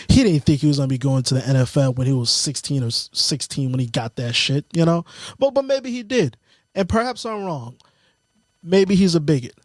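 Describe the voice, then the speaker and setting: A young man co-hosting a casual podcast, explaining things in a measured, profane way. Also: fairly high pitch, steady tone, a little mellow, dry recording, clean studio sound. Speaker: podcast co-host. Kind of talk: casual chat.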